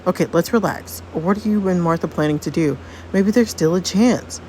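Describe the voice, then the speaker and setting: A woman voicing a loyal teenage boy who reassures his friend, excitable at times. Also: lowish voice, moderate pace, slight background noise, natural voice. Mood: supportive.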